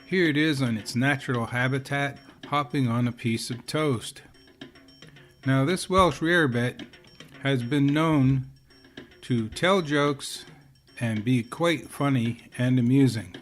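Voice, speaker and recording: A man's voice: medium pitch, takes it slowly, fairly bright tone, faint music behind. A man doing a nature documentary narrator. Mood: earnest. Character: male nature documentary narrator, calm and earnest.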